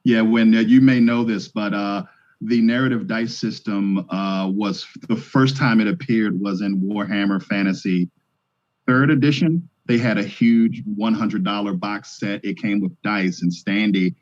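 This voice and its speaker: Deep-voiced middle-aged game designer guest, chatty and keen, muffled remote sound. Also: male voice, fairly even intonation, measured pace, a little mellow. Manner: enthusiastic, chatty. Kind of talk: casual interview chat. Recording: dull lo-fi remote audio.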